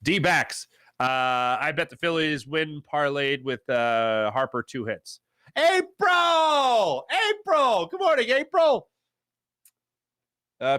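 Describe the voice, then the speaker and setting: Jokey, animated man with a higher voice. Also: clean tone, no echo, clean studio sound. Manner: animated, jokey, greets chatters with loud excitement. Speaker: sports talk show host. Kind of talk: live sports talk reading viewer chat.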